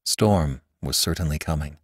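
A man narrating a classic story in an expressive, dramatic reading style as a podcast host. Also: very deep voice, normal speed, no room sound, clean studio sound. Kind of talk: audiobook narration.

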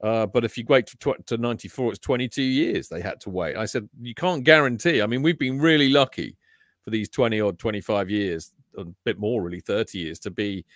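A man's voice: fairly low pitch, fairly bright tone, no echo, studio quality. Chatty man co-hosting a fan podcast. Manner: chatty, jokey, quick asides. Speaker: podcast co-host. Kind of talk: casual chat.

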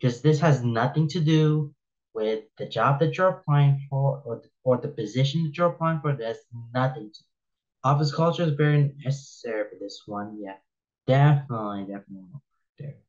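A man's voice: mid-range voice, moderate pace, a little mellow, lo-fi sound. A man giving casual commentary as he reads posts aloud, rambling and opinionated, often repeating himself and restarting sentences. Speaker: reaction video host.

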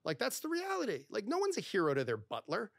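Guesting on a podcast, a middle-aged divorce lawyer speaks high with wildly swooping pitch, vocal fry, and a somewhat bright tone. He tells stories in quick, filler-heavy bursts, acting out dialogue, in clean studio sound without room echo.

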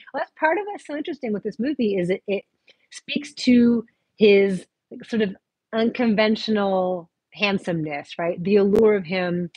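A woman with a light Texan accent chats casually on a livestream, reading out viewer questions and answering them with a slightly husky, breathy voice. She talks into a phone on a tripod, and the sound is dry and close, with no room echo. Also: medium pitch. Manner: chatty, answers viewer questions aloud, many restarts. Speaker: movie review host.

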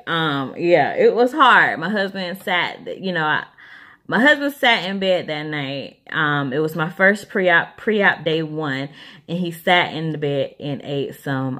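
A woman's voice: on the low side, bright, forceful tone. A woman, chatting casually to camera as a vlogger, rambling with lots of ums.

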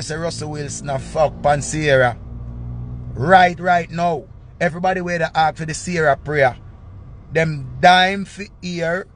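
Excitable high-voiced Jamaican man. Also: a little hiss or hum. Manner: excitable, loud, repeats phrases. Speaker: vlogger. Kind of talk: casual commentary.

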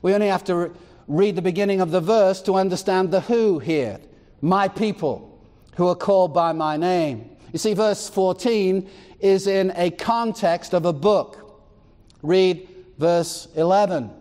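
A man's voice: sits high, a little slow, darkish tone, in a large hall. A man preaching a sermon as pastor, reading scripture aloud and firing rhetorical questions at the congregation. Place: church.

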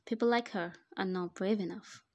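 A woman's voice: medium pitch, moderate pace, darkish tone, no room sound, lightly acted. A woman voicing a cold young male mafia boss who speaks curtly in a fan fiction voice-over. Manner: curt and dismissive.

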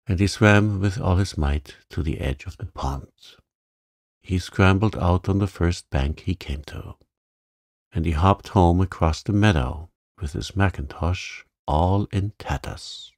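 Deep, slow, calm male narrator. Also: dry recording, clean studio sound. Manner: gentle, unhurried storytelling. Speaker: sleep story narrator. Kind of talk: calm bedtime story reading.

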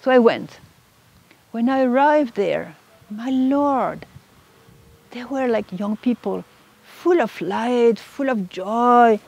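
A woman's voice: a little high, animated, slow pace, gravelly, a little mellow. A woman, a religious sister, telling her personal testimony in an emotional, earnest way. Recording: dull lo-fi recording.

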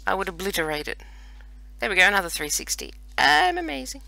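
Aussie guy narrating his gameplay, jokey and self-deprecating, kinda raspy, bit high voice. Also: very animated, brisk, pushed and bright. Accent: Australian. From Australia. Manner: chatty, self-mocking, playful running banter. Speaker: let's play host. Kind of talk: casual gameplay commentary.

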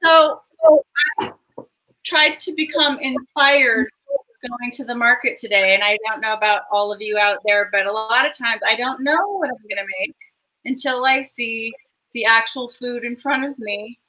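A woman with a high, bright, ringing voice hosts a cooking show from her home kitchen. She rambles cheerfully and gushes over the ingredients as she cooks and talks. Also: moderate pace, rough recording. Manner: chatty, rambling, enthusiastic about food. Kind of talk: casual cooking chat.

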